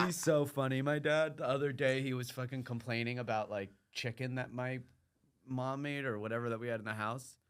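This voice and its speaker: A man's voice: medium pitch, bright, forceful tone. A man, a comedian guest on a podcast, telling family stories in a laid-back way and laughing as he goes. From Los Angeles. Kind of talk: casual chat, storytelling.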